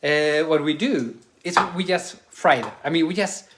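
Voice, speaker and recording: A man's voice: fairly high pitch, normal speed, a bit bright, slight background noise. A man with Spanish as his first language and a lingering cough, chatting casually while cooking in a home kitchen and searching for English words. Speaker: cooking video co-host.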